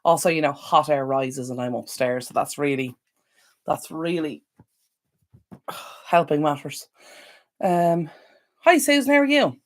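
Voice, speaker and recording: A woman's voice: low-pitched, expressive, unhurried, long pauses. An Irish woman hosting a decluttering channel, chatting casually on a live stream, rambling and answering viewers' comments with sympathy. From Ireland.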